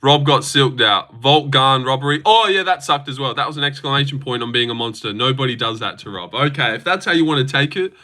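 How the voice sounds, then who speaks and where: A man's voice: medium pitch, lively intonation, fairly quick, few pauses, pushed and bright. A man streaming live, answering chat in a blunt, opinionated, casual way and swearing often, while putting on a fake voice. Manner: says he is using a fake voice.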